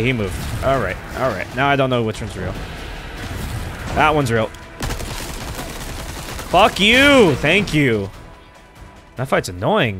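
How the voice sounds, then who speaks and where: A man doing excitable gameplay commentary, trash-talking and swearing at enemies. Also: medium pitch. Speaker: let's play streamer. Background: game music.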